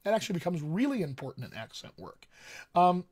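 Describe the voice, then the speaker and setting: A man's voice: sits high, sing-song, a little fast, darkish tone. A man, a dialect coach, giving a casual live-streamed voice lesson and talking straight to viewers with frequent ums. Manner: conversational, addresses viewers directly, frequent ums. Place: home studio desk.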